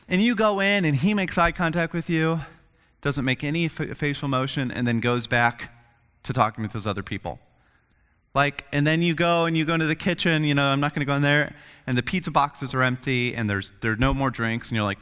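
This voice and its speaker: A young adult man giving a conversational sermon, telling stories with lively voiced asides. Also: medium pitch, brisk. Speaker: pastor. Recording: long hall reverb.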